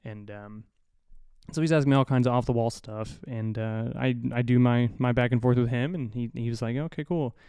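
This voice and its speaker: A man hosting a podcast, spinning a casual story in a rambling, swear-laden, self-mocking way. His voice is mellow and smooth, caught close and dry on a studio mic. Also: mid-range voice, flat delivery, normal speed, no room sound. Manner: rambling, profane, self-deprecating, with many restarts. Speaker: podcast host. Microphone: studio mic through an audio interface.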